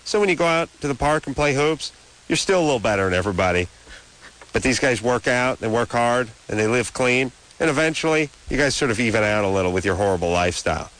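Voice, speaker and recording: A man in his thirties hosts a late-night radio call-in show from a studio, using a studio microphone as he launches into long, rambling, opinionated rants. His medium-pitched voice is animated, quick and a bit bright, though the recording is rough.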